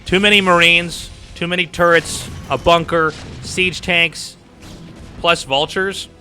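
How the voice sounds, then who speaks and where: A man's voice: on the high side, fairly even intonation, takes it slowly, bright, forceful tone, faint music behind. A man hosting a game stream, casting a match and chatting casually with viewers. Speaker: caster and stream host.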